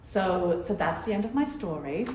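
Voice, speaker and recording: A woman's voice: lowish voice, lively intonation, moderate pace, slight background noise. A middle-aged woman telling a personal story on stage to an audience, chatty, with laughing asides, and she acts out other people's lines. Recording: echoey venue with loud audience.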